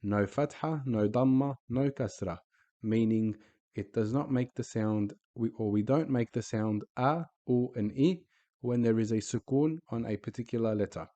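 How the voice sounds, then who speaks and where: A man's voice: medium pitch, moderate pace, dark tone, lo-fi sound. A man teaching a recorded Arabic lesson, speaking patiently and repeating each example word.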